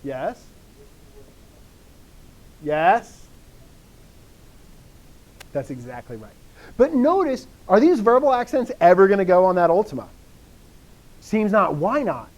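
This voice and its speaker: Male teacher, high-pitched, energetic classroom lecturer who drills with call-and-response. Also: takes it slowly, long pauses, lo-fi sound. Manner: drilling students with repeated call-and-response questions; energetic, animated bursts of enthusiasm. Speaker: Greek teacher.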